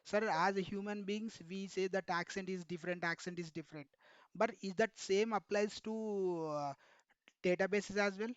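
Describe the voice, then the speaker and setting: A man's voice: high voice, fairly even intonation, normal speed, smooth, no room sound, highs cut off. A man, teaching an online technical class and repeatedly asking students questions, addressing them as sir. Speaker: instructor.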